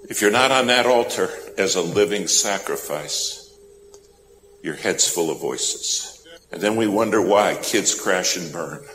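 A man's voice: lowish voice, a bit bright, a little hiss or hum. A man preaching a sermon, telling a story with dramatic, swelling emphasis. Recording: echoey hall with music behind.

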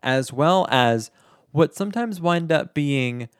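A man's voice: a little high, animated, takes it slowly, clear, resonant tone, no echo, studio quality. A man co-hosting a podcast, chatting casually through the show's outro and plugs. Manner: chatty, self-deprecating. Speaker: podcast co-host.

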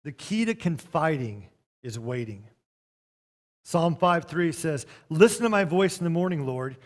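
Man, pastor, sermon, high voice, shifts between soft and loud. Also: very animated, measured pace. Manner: preacherly, swings between soft and loud, quotes scripture.

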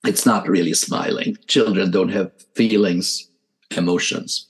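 An older man, a psychiatrist, telling a case story in a lecture, halting and unhurried, with many filler sounds and restarts. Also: sits low, steady tone, low-quality recording. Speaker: psychiatrist and author.

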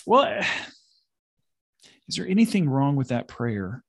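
Mid-pitched male co-host, conversational and reflective, working his ideas out aloud. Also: big pitch swings, takes it slowly, creaky, breathy edge. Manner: thinks aloud, repeats words, laughs. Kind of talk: casual conversation about ministry.

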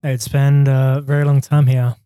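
Mellow-voiced man, tabletop player. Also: medium pitch, little pitch movement, normal speed, clean tone, no echo, clean studio sound. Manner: polite, in-character requests. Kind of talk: tabletop game role-play.

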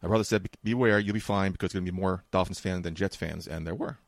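A man hosting a casual chat, quick, offhand and joking. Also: low-pitched, no room sound, clean studio sound. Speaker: podcast host.

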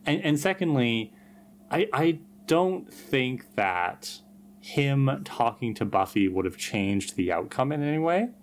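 A man co-hosting a podcast, calmly reasoning through an opinion in casual chat. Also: medium pitch, slow pace, a little hiss or hum. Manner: reasoned, arguing a point with restarts. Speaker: podcast co-host.

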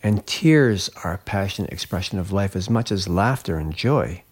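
A man's voice: low voice, lively intonation, normal speed. A man, a glassblower and interview guest, telling a personal story in an earnest, reflective way that livens up when he retells events.

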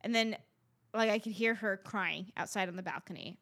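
Chatting casually, a bright-voiced woman at medium pitch spins a story at normal speed. She co-hosts a podcast and brings the tale to life, performing each quote as she goes.

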